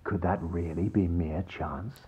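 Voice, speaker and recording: Deep husky sun knight, all formal and friendly, muffled game audio. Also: male voice, fairly even intonation, measured pace, warm tone, slight background noise. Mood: genial, earnest. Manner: formal, earnest, genial. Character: courteous male knight, warrior of the sun. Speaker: game character.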